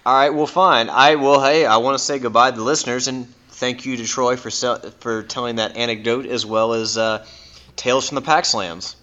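Wry co-host on dull lo-fi audio. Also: male voice, mid-range voice, fairly even intonation, normal speed, sharp tone. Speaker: podcast co-host. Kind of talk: casual podcast chat.

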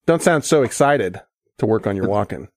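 A man's voice: on the low side, expressive, normal speed, no echo, studio quality. A man hosting a podcast in casual chat, playful and teasing, swearing freely. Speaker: podcast host.

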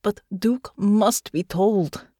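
A woman's voice: mid-range voice, a little slow, darkish tone, no echo, studio quality, lightly acted. A woman voicing an injured female ex-soldier guard who talks formally and without contractions in an audiobook. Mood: earnest. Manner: formal clipped speech without contractions, drops articles. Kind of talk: audiobook character voice.

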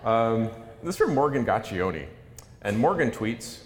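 A man's voice: big pitch swings, normal speed. A middle-aged man, an author, giving a humorous talk in a wry, self-mocking way. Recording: echoey hall with faint rumble.

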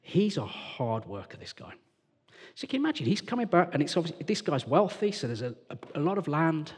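A man from England preaches with a fairly high voice, swinging between bright, animated storytelling and low, hushed asides. His voice carries a long reverb from a church hall. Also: a little fast, slightly rough. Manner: animated storytelling, acts out characters, drops to hushed tones. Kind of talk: lively sermon.

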